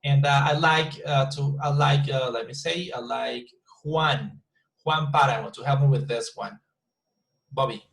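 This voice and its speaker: A man runs an online English class in a mid-pitched voice. He is patient and repeats each example sentence slowly, moving the stress from word to word. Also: creaky, fairly bright tone, low-quality recording. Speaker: English teacher.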